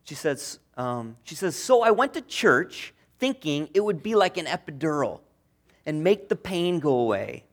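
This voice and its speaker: A man preaching a sermon as pastor, earnest, moving between strong emphasis and hushed tender passages. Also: a little high, big pitch swings, measured pace. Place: church.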